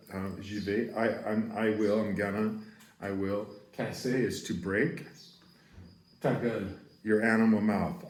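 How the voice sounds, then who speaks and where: An American man giving a casual, profane French lesson, rambling with laughs and shouting out example curses. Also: medium pitch, echoey room. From United States. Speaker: French teacher.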